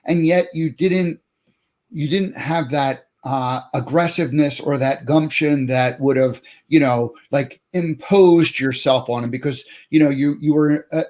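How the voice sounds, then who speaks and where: A man's voice: fairly high pitch, a little mellow. A man hosting an interview show, thoughtfully reflecting on what his guest has said. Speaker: host.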